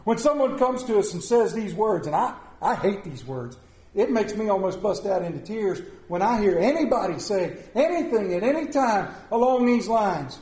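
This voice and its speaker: A man preaching a sermon in a church, earnest and emphatic, slowing down to stress his words. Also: sits high, lively intonation, darkish tone, reverberant. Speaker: pastor. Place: church sanctuary.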